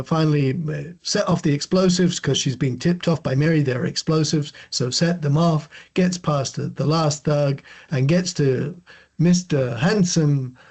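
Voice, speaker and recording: A man's voice: a little high, darkish tone. A man co-hosting a casual comic book review podcast, rambling and joking with lots of fillers. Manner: rambling, jokey, many fillers. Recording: dull lo-fi audio.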